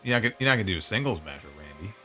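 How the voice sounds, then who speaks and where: A man co-hosting a casual chat show, animated and opinionated, laughing easily. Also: on the low side, racing, faint music behind. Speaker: podcast co-host.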